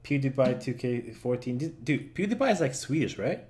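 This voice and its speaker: A man's voice: medium pitch, very animated, normal speed, a little mellow. A man, hosting a casual gaming podcast, joking, laughing often and swearing casually. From Germany. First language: German. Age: 20s. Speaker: podcast host and game streamer.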